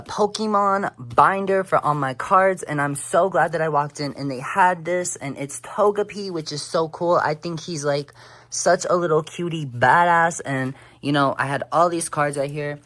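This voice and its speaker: A young woman vlogging in a casual, rambling way, full of fillers and the odd swear word, who gets soft and quiet when she opens up. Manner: drops to a soft, low voice when talking about her fears. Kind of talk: casual chatty vlog talk.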